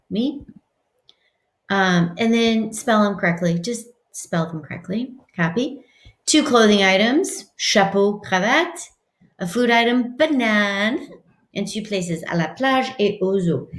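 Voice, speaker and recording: Chatty woman teaching French, echoey room. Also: medium pitch. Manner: chatty, slows down to model French words. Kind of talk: classroom lesson.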